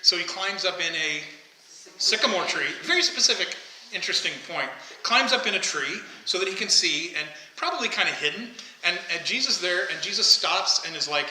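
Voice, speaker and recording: A man's voice: sits high, expressive, brisk, pushed and bright, slight background noise. A man preaching a conversational sermon, often asking the congregation questions. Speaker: pastor. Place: church sanctuary. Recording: echoey church hall, faint ambience.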